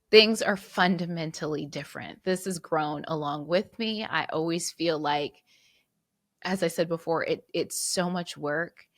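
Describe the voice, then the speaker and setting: Alone on her podcast, a woman host reflects earnestly while fighting back tears, restarting sentences and repeating words. Her low-pitched voice is a bit bright and a little slow. The sound is clean studio audio with no echo.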